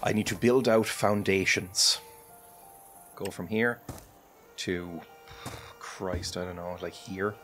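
A man's voice: sits low, fairly even intonation, slow pace, long pauses, a bit bright. A man hosting a home-streamed game video, chatting casually and self-deprecatingly as he plays. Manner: rambling, self-deprecating, chatty with frequent laughs. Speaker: gaming channel host. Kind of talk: casual let's-play commentary. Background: game music playing clearly.

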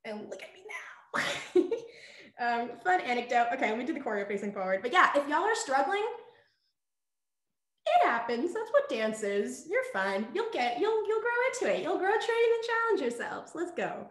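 A woman's voice: sits high, big pitch swings, moderate pace. A young woman teaching a virtual dance workshop in a chatty, upbeat way over a video call, out of breath and full of fillers. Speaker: dance instructor. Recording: echoey room.

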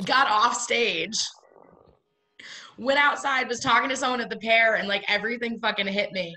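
A woman's voice: a little high, fairly even intonation, moderate pace, pushed and bright, slight background noise, poor audio. A young woman, a comedian, rambling through a story in casual chat.

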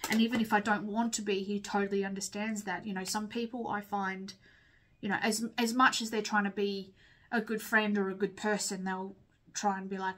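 A woman's voice: medium pitch, little pitch movement, normal speed, a bit bright. Young Aussie woman, candid rambling vlog chat over makeup, sniffly. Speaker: vlogger. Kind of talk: casual chat while doing makeup.

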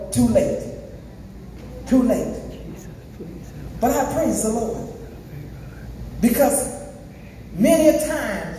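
A woman's voice: mid-range voice, mellow, slight background noise. A woman evangelist preaching a sermon, emphatic, half-singing phrases and calling out to the congregation. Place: church sanctuary. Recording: echoey church hall from far off.

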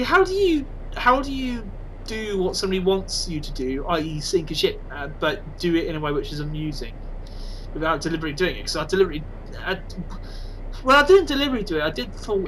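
A man chatting over his own gameplay, excitable one moment and self-mocking the next. His voice is high and bright. A light hiss of noise sits underneath. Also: fast talker, rough recording. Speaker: gaming channel host. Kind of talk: casual game commentary.

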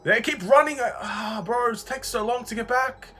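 A young man from Australia giving live commentary on his basketball video game, excitable, swinging between low muttering and frustrated shouts. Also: moderate pace, soft background music. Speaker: gaming YouTuber.

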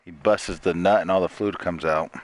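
A man's voice: sits low, steady tone, normal speed, a little hiss or hum. A young man joking crudely and exclaiming with friends over voice chat while gaming. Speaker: gamer in voice chat. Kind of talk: casual gaming banter.

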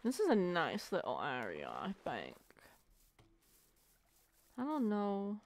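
A woman's voice: lowish voice, huge pitch swings, slow pace, pauses often. A woman casually commentating her gameplay, playful and foul-mouthed, chatting to the animals she meets. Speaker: let's play gamer.

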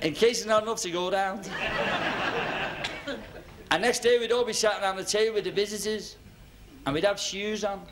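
Man, stand-up comic, high voice, club stage, noisy old TV recording under heavy laughter. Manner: reminiscing storyteller, tag questions to the audience. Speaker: stand-up comedian. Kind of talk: stand-up routine. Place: working men's club stage.

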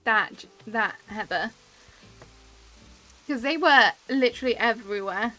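A woman's voice: a little high, a little slow, sharp tone, faint music behind. British woman, thirties, live-stream host; casual, giggly, reads chat aloud. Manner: chatty, laughs often, reads chat comments aloud.

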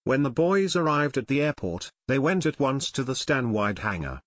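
Dry, steady male audiobook narrator. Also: mid-range voice, no echo. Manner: steady, measured reading.

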